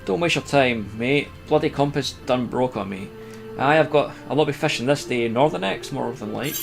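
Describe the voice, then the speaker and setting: A man voicing a broken, weary older fisherman in a video game, grumbling in a rough rustic dialect. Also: mid-range voice, normal speed, music in the background, close to an everyday voice. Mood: gloomy.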